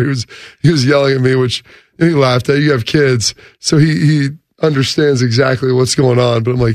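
Animated man telling a story on radio. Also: medium pitch, moderate pace, no echo, studio quality. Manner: animated storyteller, acts out quotes. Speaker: radio co-host. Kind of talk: casual sports radio chat. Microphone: studio microphone.

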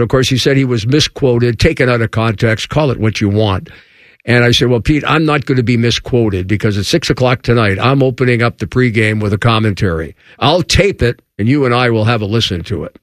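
Man telling a lively baseball story. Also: dry recording, studio quality. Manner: acts out quotes with raised pitch. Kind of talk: animated storytelling.

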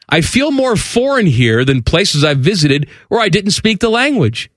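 A man's voice: high voice, very animated, normal speed, hardly any pauses, fairly bright tone, no echo, studio quality. A man co-hosting a sports radio show, reading aloud and joking in casual banter with a sarcastic edge. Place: radio studio.

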